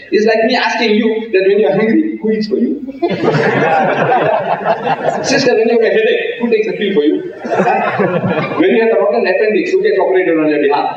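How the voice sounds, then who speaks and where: A man giving a public religious lecture, telling stories, acting out dialogue and asking the audience rhetorical questions. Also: high voice. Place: civic centre hall. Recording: echoey hall from far off, dull lo-fi sound.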